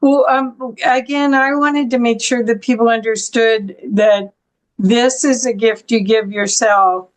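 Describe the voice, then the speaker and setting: A woman hosting an interview, speaking in a measured way with frequent pauses. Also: a little high, steady tone. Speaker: interview host. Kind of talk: interview talk.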